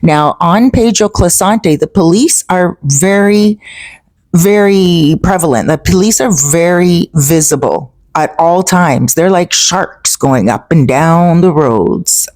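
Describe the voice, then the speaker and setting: A woman talks to her audience in a casual, storytelling vlog voice. She sits a bit low in pitch, and the sound is close and dry with no room in it. She keeps checking in with her listeners as she goes. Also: lively intonation, takes it slowly, a little mellow, no room sound. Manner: chatty, asks "right?" and "you know?" to check in with viewers. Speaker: travel vlogger living abroad.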